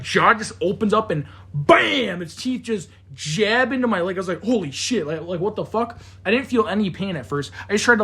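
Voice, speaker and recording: A high-pitched, husky young man spins a story for his podcast friends. He swears freely, trips over his own restarts and bursts into imitated noises and voices. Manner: animated, swears a lot, mimics sounds, many restarts. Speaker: podcast co-host. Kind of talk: casual storytelling among friends.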